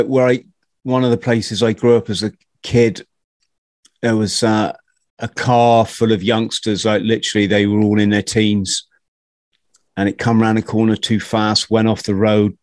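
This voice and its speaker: A man hosts a casual interview, thinking aloud in halting bursts and often restarting his sentences. His voice sits on the low side. The recording is dry, with no room sound. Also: little pitch movement, dry recording. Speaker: podcast host.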